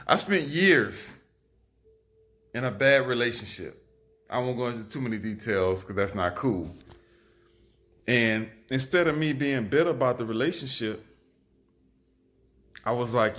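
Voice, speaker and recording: A man, telling lively stories into his phone camera in a casual vlog. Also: mid-range voice, moderate pace, long pauses. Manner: animated, repetitive, lively storytelling. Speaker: vlogger.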